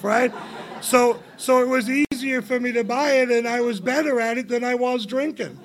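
A high-voiced man in his forties, originally from England, shares his recovery story before a meeting. His telling is candid and rambling, full of laughs and sudden emphatic swings. His tone sits noticeably high for a man. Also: steady tone, normal speed, background noise.

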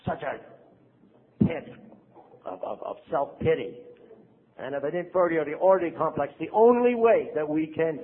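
Older male priest, high husky voice, lively recovery talk, tinny lo-fi sound. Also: measured pace, long pauses. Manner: animated storyteller, acts out quotes, asks the audience "right?".

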